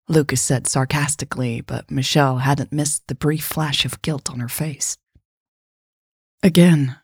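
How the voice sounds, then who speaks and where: Low raspy woman reading a story, calm and measured, dry booth sound. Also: dry recording. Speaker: narrator. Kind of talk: audiobook narration.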